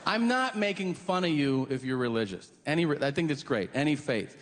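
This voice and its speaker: A man doing a stand-up comedy set, telling stories deadpan and acting out both sides of the conversations. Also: fairly high pitch, brisk. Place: comedy club stage. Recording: live club stage mic, long hall reverb, audience noise.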